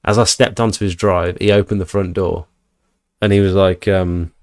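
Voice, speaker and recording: Recorded dry and at studio quality, this man hosts a podcast at normal speed. He chats casually through a story, animatedly performing the quotes with his voice leaping higher.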